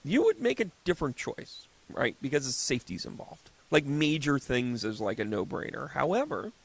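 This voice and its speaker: Gravelly-voiced man in his fifties, joking. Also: medium pitch, very animated, moderate pace. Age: 50s. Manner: rambling, joking storyteller who acts out little scenes. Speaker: host and psychic medium. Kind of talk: casual solo podcast talk.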